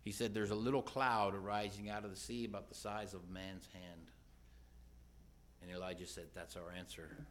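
A man preaching a sermon in church, earnest, moving between loud questions and hushed retelling. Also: lowish voice, fairly even intonation, moderate pace.

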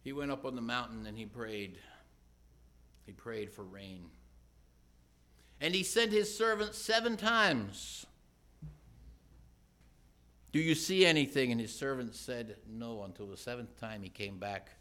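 A man preaching a sermon in church, earnest, moving between loud questions and hushed retelling. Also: mid-range voice, a little slow, long pauses.

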